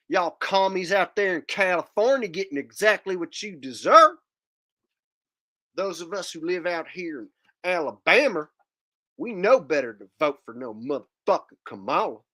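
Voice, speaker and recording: A man's voice: high-pitched, pitched above the performer's own voice. A man putting on a Southern US accent to voice a brash, scornful Southern man ranting about politics. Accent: Southern US put-on. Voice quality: loud, scornful drawl.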